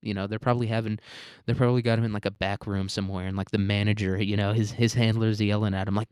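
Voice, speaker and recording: A man's voice: lowish voice, level tone, quick pace, darkish tone, clear, resonant tone, no echo, studio quality. A man hosting a solo commentary podcast, rambling, sarcastic and heavy on swearing. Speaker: podcast host.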